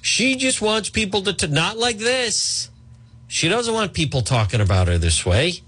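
Combative, husky-voiced male talk radio host. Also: high voice, very animated, normal speed, a bit bright. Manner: combative, sarcastic, mocking put-on voices.

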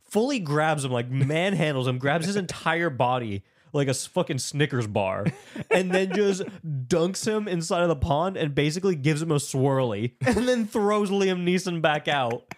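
A man co-hosting a casual podcast recap, animated and sarcastic, swearing and laughing often. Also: fairly high pitch, normal speed, no echo, clean studio sound. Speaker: podcast co-host recapping a movie. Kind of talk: casual chat.

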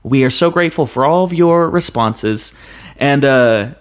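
A man's voice: medium pitch, a little slow, smooth. A young man co-hosting a casual movie podcast, exclaiming and playfully putting on an announcer manner. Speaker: podcast co-host.

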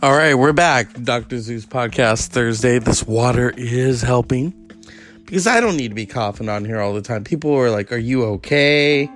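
A man's voice: mid-range voice, normal speed, faint music behind. A man hosting a podcast, telling rambling stories in a chatty, profane way. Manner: rambling storyteller, profane, chatty with many fillers. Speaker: podcast host. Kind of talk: casual podcast monologue.

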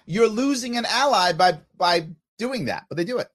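Man, 50s, podcast host reading comments aloud: lively swooping delivery, pitched a touch high. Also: moderate pace. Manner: animated, emphatic, quotes others in exaggerated voices. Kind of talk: casual talk reading listener comments.

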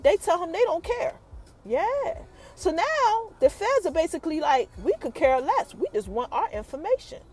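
A woman with a high voice talks through a TV episode as its recap host. Her pitch leaps up and down as she tells it. She keeps it loose and chatty and turns often to her listeners. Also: normal speed. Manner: animated storytelling, acts out characters' quotes, addresses listeners as y'all.

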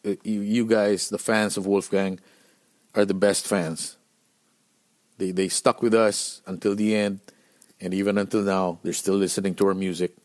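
A man's voice: sits low, normal speed. Profane man telling road stories. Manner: animated, profane, acts out quotes. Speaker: podcast host and band musician. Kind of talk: casual storytelling monologue.

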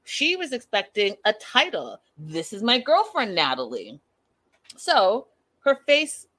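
A woman's voice: a little high, fairly bright tone, no echo. Chatty, incredulous young woman. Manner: chatty, incredulous, addresses viewers as "you guys". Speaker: reality TV recapper. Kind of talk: casual recap commentary.

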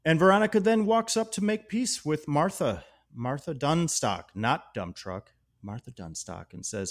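A man's voice: on the high side, very animated, brisk. A man co-hosting a podcast, talking casually and enthusiastically about a movie, laughing often. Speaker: podcast co-host. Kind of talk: casual film discussion.

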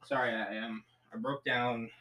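A man's voice: mid-range voice, steady tone, moderate pace, over a noisy crowd. A man co-hosting a podcast, making dry, teasing asides. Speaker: podcast co-host. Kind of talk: casual podcast banter.

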